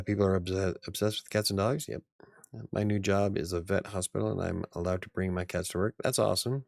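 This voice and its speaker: Male host in his forties, very low gravelly voice, loose rambling chat with a dry, close sound. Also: darkish tone, dry recording. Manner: rambling, chuckles often. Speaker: channel host. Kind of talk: casual live-stream chat.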